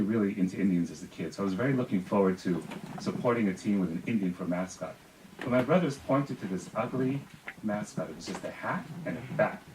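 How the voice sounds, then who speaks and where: A man from Spain telling a personal story live on stage, wry and self-deprecating with quick asides. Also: on the low side. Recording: echoey room, distant mic, faint noise.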